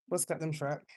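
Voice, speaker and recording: Low-voiced chatty woman reading tarot. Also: a little hiss or hum. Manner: chatty, loose and expressive, swinging between soft asides and loud outbursts. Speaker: tarot reader. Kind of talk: casual live tarot reading.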